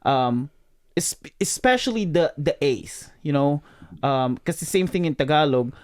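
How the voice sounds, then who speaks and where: A man's voice: a little high, lively intonation, measured pace. A man hosting a podcast, explaining his point casually in a rambling way with many restarts. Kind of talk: casual chat.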